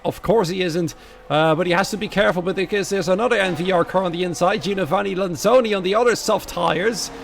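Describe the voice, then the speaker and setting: Gravelly Dutch-accented race commentator. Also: male voice, high-pitched, slight background noise. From Netherlands. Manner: quiet and chatty while waiting, lively and louder once the race starts. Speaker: sim racing commentator.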